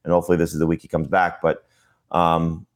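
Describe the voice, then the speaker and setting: Co-host, male, very low voice, quick rambling delivery full of fillers. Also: completely flat delivery. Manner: quick, rambling, heavy with "you know" and restarts. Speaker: podcast co-host, fantasy analyst. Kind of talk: casual podcast talk.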